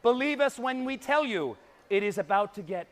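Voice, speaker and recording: A man's voice: sits high, animated, moderate pace, fairly bright tone. A man voicing an exaggerated Frenchman on stage, rambling and mock-serious, with a put-on French accent. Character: boastful exaggerated Frenchman comedian, adult man. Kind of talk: stand-up character comedy.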